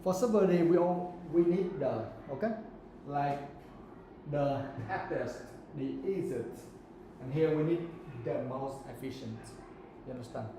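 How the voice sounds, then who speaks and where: A man's voice: fairly high pitch, moderate pace, echoey room, noisy background. A man teaching an English grammar lesson, often checking that students understand. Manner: checks understanding with repeated questions.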